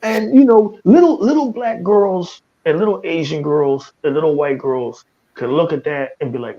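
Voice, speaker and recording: High-voiced American man ranting, lo-fi. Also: moderate pace. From United States. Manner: profane, stammering restarts, laughs at his own jokes. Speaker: podcast host. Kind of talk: casual opinionated chat.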